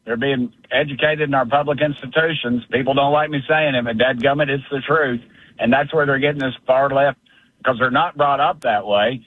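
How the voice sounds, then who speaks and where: A blunt, folksy man speaking with heated indignation. His voice comes down a thin, tinny phone line with no room sound around it. His pitch sits in an ordinary middle range. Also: dry recording. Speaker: congressman calling in. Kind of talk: fiery phone-in political talk. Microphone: telephone.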